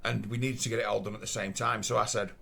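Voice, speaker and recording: A man's voice: on the low side, level tone, quick pace, vocal fry, pushed and bright, breathy edge. A man with a Northern English Lancashire accent, telling a story bluntly and casually, swearing often and acting out what others said. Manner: blunt, swears often, acts out quoted voices.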